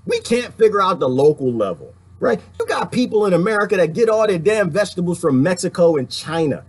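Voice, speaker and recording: This middle-aged man's voice is high-pitched, sing-song, and slightly rough, and he talks fairly quickly. Hosting casual political commentary on a live stream, he laughs often and puts on voices to mock others.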